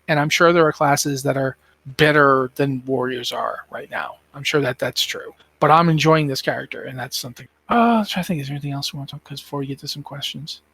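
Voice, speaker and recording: A man's voice: a little high, fairly bright tone. A tired man co-hosting a casual gaming podcast, rambling and thinking aloud with plenty of fillers. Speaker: podcast co-host.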